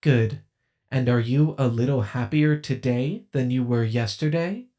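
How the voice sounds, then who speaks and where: A man voicing a female doll robot in an audiobook, speaking slowly in a tinny, kind-sounding way that hides something sinister. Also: mid-range voice, warm tone, lightly acted. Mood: sweetly coaxing. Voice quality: metallic, kind-sounding, slow and deliberate.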